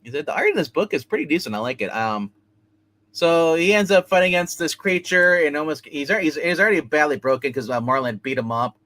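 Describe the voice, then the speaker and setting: A man's voice: a little high, animated, brisk, a bit bright. A man reviewing comic books in a casual, rambling way, retelling each plot with many restarts.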